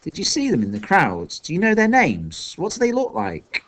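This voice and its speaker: A man voicing a sharp-tongued, impatient young girl inventor who talks scornfully and hisses her warnings. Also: high voice, wildly swooping pitch, normal speed, pitched above the performer's own voice, exaggerated voice. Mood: exasperated. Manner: scornful, hissing, exasperated.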